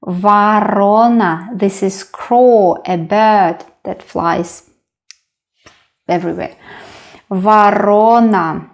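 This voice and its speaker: A woman with a Russian accent teaching a slow beginner lesson, patiently repeating each sound. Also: on the low side, vocal fry, dark tone. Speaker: language teacher.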